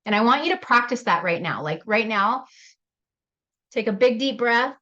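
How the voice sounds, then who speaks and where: A woman's voice: on the high side, animated, normal speed, pushed and bright, dull audio. A woman hosting a leadership workshop, talking animatedly, laughing often and speaking to attendees by name. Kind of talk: live workshop talk.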